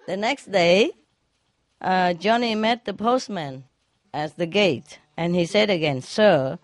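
Woman joke teller, low-ish voice, unhurried, keeps breaking into giggles at her own punchlines. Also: a bit bright. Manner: laughs at her own jokes often; non-native grammar, drops verb endings. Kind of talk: telling jokes to an audience.

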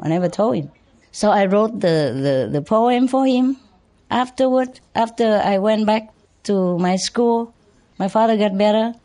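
An older woman, a spiritual teacher whose first language is Vietnamese, recalls her youth for a gathering of followers. She speaks in a chatty, unpolished way, with frequent light laughter and many fillers. Her pitch sits in a middle range. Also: warm tone. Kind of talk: storytelling talk to followers.

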